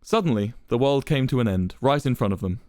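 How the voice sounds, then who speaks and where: A man streaming, reading a fan story aloud in an expressive, dramatic way. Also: mid-range voice, a little fast, dry recording, studio quality.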